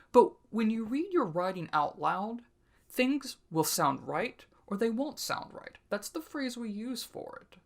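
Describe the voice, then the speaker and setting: Patient writing instructor explaining sound devices. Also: medium pitch. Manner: explains clearly, reads example sentences slowly and dramatically; sounds out consonants and syllables aloud. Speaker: library writing group instructor. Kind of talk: instructional video talk.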